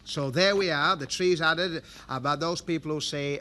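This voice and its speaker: A man's voice: a little high, moderate pace, sharp tone. A man hosting a TV game show, jokey and chummy, calling everyone love and flower. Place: TV studio with live audience. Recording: old broadcast tape with audience and hiss. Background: studio audience.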